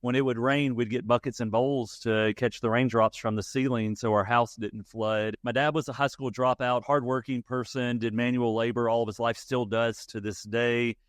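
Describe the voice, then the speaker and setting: A man in his forties speaks with a Louisiana country accent touched by Texas twang, folksy and quick to laugh as he tells his story. His voice sits at a middle pitch, recorded close and dry with no room sound around it. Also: fairly even intonation, dry recording. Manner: folksy, laughs easily, reflective. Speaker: guest. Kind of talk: casual interview storytelling.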